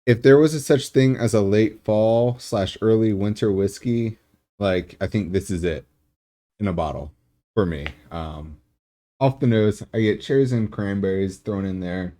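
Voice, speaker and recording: A man reading out his whisky tasting notes in a methodical, measured way with frequent ums. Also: fairly low pitch, warm tone. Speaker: whisky taster.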